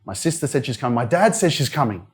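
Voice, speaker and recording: An Australian man in his younger years speaks at a live motivational event. He tells his own story in a loose, candid way, full of "like" and "you know". His voice sits at an ordinary middle pitch. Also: sing-song, fast talker. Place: wellness centre event room.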